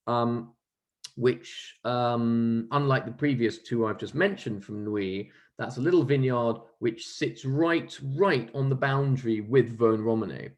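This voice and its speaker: A man's voice: medium pitch, measured pace, darkish tone. A man presenting wines at a virtual tasting, enthusiastic and chatty, with frequent ums and restarts. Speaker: wine merchant presenting a tasting. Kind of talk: casual virtual tasting talk.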